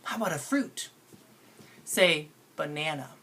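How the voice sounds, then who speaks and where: Deep-toned woman, friendly pronunciation teacher talking to camera, teasing questions. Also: animated, measured pace, bright, forceful tone, slightly rough. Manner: playful, coaxing, asks learners questions. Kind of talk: instructional lesson to camera.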